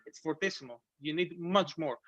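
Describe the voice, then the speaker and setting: A man, teaching an online piano masterclass, gently encouraging and singing phrases and counting beats aloud. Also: fairly high pitch, normal speed. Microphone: video call. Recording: muffled video call with piano.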